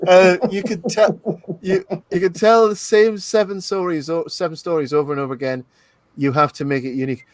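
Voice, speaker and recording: A man hosting a live film commentary, chatting casually and slowing down to make his points. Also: high-pitched, fairly even intonation, no echo. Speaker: host of live movie commentary.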